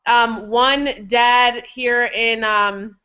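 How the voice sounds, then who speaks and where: Woman, host, chatty, laughs a lot, fairly high voice, dull lo-fi sound. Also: steady tone, very slow, pushed and bright, clean tone. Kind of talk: casual video chat. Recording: dull lo-fi webcam audio.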